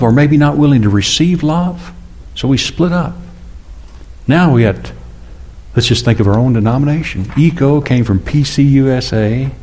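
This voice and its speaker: A man in his sixties preaching a conversational sermon, often asking the congregation questions and acting out quoted speakers in louder, higher bursts. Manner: chatty, asks the congregation questions, acts out God and James. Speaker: pastor.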